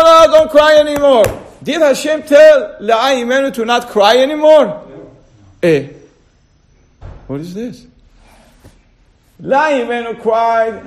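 A man teaching a casual religious class, repeating words and firing rhetorical questions at his listeners. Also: extremely high pitch. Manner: checks on listeners with short asides. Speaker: Torah teacher.

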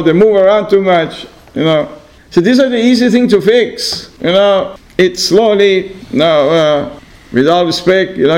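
A man with a notably high voice gives a relaxed religious lesson to a small group. He speaks in loose, repeating phrases, leaning on "you know", and now and then sinks into quiet asides. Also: poor audio. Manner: repetitive, many "you know" fillers, acts out exchanges. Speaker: religious teacher. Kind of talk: informal Torah class.

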